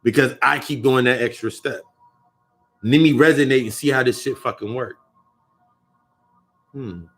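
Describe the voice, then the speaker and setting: A man's voice: mid-range voice, measured pace, long pauses, a bit bright, husky, faint music behind. A young man talking in a casual spiritual monologue, profane and rambling, often repeating and restarting his phrases. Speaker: occult vlogger.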